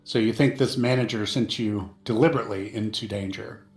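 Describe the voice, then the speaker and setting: A man running a tabletop game as game master, explaining rules in a halting way with many fillers. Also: lowish voice, darkish tone, reverberant, faint music behind.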